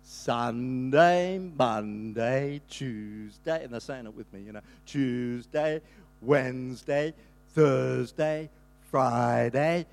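An older man, a pastor, telling a rambling, animated story in a sermon, breaking into sudden shouts. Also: medium pitch, slow pace, creaky.

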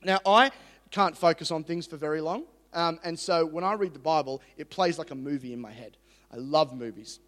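A man preaching a sermon with energetic, jokey, excitable delivery. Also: a little high, moderate pace, long reverb tail.

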